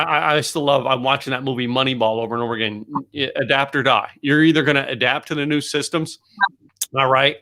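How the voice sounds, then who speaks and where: A man co-hosting a casual business podcast, talking in halting bursts with repeated words and restarts. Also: mid-range voice, bright, forceful tone. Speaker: podcast co-host.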